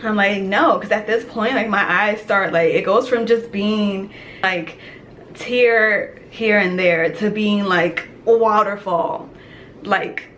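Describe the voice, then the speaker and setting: A young woman telling a dream story in casual vlog style, animated and chatty, with many "like" fillers. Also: mid-range voice, slow pace, a little hiss or hum. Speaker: vlogger.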